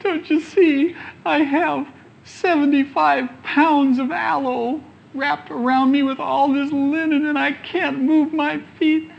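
A man's voice: extremely high pitch, flat delivery, slow pace, vocal fry, muffled recording, voice pushed up, exaggerated voice. A man putting on a whimpering dead man in grave wrappings. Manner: whimpering, whiny.

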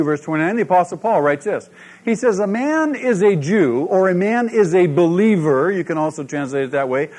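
High-voiced male pastor preaching. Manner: animated preaching, asks the congregation questions. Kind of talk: sermon.

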